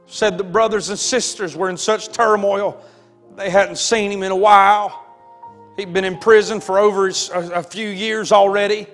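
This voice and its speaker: A man preaching a sermon, telling a story dramatically and building to shouts. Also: high voice, fairly even intonation, normal speed. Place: church sanctuary. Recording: long hall reverb with faint music.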